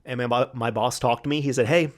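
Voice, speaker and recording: A man's voice: mid-range voice, steady tone, quick pace. A man hosting a solo podcast, casually retelling an old workplace story, quoting coworkers in his own voice and laughing at the memory. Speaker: podcast host.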